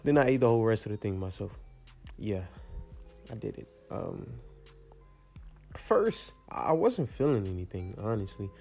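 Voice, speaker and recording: A teenage young man casually telling a rambling storytime, full of slang and animated asides. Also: lowish voice, measured pace, gravelly, pauses often, faint music behind. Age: teens.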